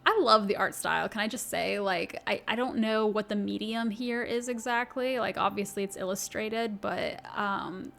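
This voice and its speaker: Gushing woman gamer with a gravelly edge. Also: mid-range voice, normal speed, few pauses, a bit bright, a little hiss or hum. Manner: gushing, giggly, chatty. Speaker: let's play host. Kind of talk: casual gameplay commentary.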